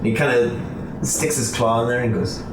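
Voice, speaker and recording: A man narrating a tabletop game as game master, unhurried and full of fillers. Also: mid-range voice, steady tone, background noise. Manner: unhurried, filler-heavy narration with character voices. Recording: echoey room from far off with music.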